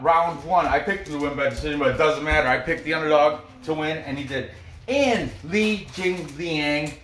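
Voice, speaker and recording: A man's voice: a little high, fairly bright tone, distant mic, a little hiss or hum. A man hosting a fight-picks video, chatting casually and bragging a little, with frequent restarts. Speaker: MMA picks video host. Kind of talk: casual solo commentary. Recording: echoey room, somewhat off-mic.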